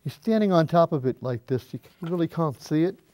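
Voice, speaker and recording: A man's voice: a little high, expressive, fast, warm tone, no echo. An older man hosting a painting show from a cable TV studio. He chats in a folksy, rambling way while he works and sometimes steps back from the mic to look at the canvas. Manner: moves away from the mic to step back and view the canvas. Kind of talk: casual painting demonstration. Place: high school cable TV studio.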